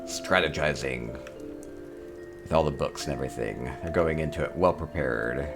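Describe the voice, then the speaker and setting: This man's voice is very deep and moves at a moderate pace, with music playing behind him. He chats cheerfully as he leads a relaxed tour through players' in-game homes, musing aloud with little chuckles.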